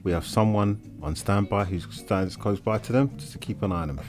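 A man's voice: on the low side, brisk, over music. A man co-hosting a comedy podcast, wry and musing, chuckling through casual chat. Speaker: podcast co-host.

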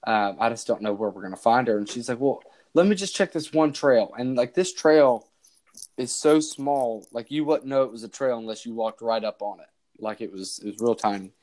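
A young podcast host rambles through a story in a casual chat, talking briskly in a mid-range, darkish voice. He restarts often and acts out quoted back-and-forth exchanges.

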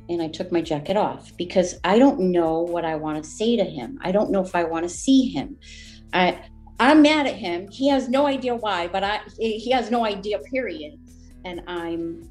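A woman guest telling a personal family story in an interview, heartfelt and halting, with many fillers and restarts. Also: medium pitch, darkish tone.

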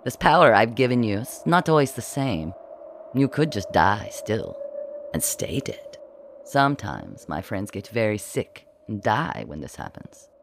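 A man's voice: lowish voice, sing-song, unhurried, noisy background. A man voicing a cruel, mocking male villain who taunts in a falsely sweet, cheerful way.

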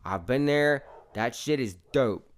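A man's voice: mid-range voice, animated, unhurried, smooth. A man co-hosting a casual movie review podcast, talking in a loose, profane, enthusiastic way. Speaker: podcast co-host.

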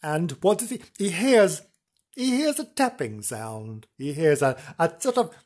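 A man's voice: on the high side, very animated, a little slow, darkish tone, a little hiss or hum. A man hosting a comic radio-style show in a camp, rambling, mock-dramatic way. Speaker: host.

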